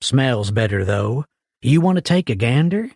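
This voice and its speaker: A man voicing a laconic rich man who puts on a folksy cowboy drawl, amused and unhurried. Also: mid-range voice, expressive, breathy edge, no echo, clean studio sound.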